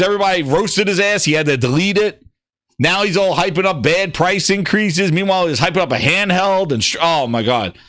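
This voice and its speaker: A man hosting a gaming news livestream, ranting in an excitable, profane and mocking way. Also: on the high side, no echo, studio quality. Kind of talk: livestream rant.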